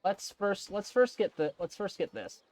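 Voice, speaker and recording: A man's voice: high voice, sing-song, normal speed, no echo. A male gamer reading game text aloud and thinking aloud in casual gameplay commentary. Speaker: let's play gamer.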